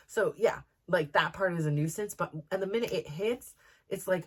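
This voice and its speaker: A woman's voice: fairly low pitch, moderate pace, slightly rough. A middle-aged woman hosting a podcast, chatting casually and rambling with many fillers and restarts. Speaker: podcast host. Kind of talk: casual chat.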